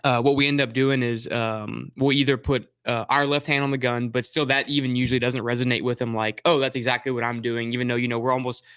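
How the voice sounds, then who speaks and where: A man's voice: medium pitch, little pitch movement, quick pace, hardly any pauses, fairly bright tone, clear, resonant tone, no echo. A man who teaches new shooters, chatting casually about his drills with lots of fillers and restarts. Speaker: firearms instructor. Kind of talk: casual explanatory chat.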